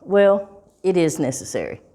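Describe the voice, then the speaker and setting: A woman teaching English at a very unhurried pace, drawing out key words as she speaks. She keeps checking in with the listener, tossing in "okay?" and "right?" between points. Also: on the low side, big pitch swings, dark tone. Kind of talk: slow, clear teaching talk.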